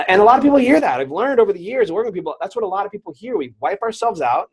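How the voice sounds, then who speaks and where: A man in his thirties tells his story as a guest, quickly and with a slightly high, husky voice. He slips into the voices of the people he quotes. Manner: animated, acts out quoted voices. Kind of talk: storytelling interview.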